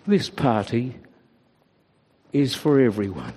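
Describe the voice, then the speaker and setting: A man's voice: high-pitched, lively intonation, measured pace, a little mellow. A man voicing a kindly shepherd father in a story read aloud in church. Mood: gentle. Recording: reverberant church hall.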